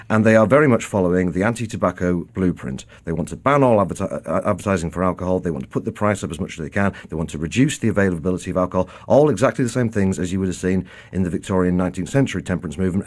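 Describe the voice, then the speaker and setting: Male radio pundit, quick-fire and scornful, slightly low voice. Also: a little mellow. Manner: combative, scornful, emphatic. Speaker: think-tank guest. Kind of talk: radio debate.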